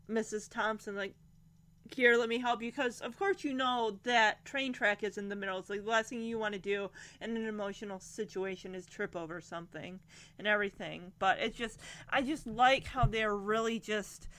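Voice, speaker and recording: A woman's voice: a little high, a bit bright. A woman giving casual reaction commentary on a television episode, gushing and rambling as she gets emotional. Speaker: show reviewer.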